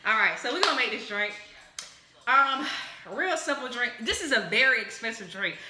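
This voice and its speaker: A woman's voice: fairly high pitch, expressive, normal speed, very noisy. A woman hosting a comedy cocktail show, chatting casually and rambling exuberantly as she mixes drinks. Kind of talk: casual comedic chat while mixing drinks. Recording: echoey room.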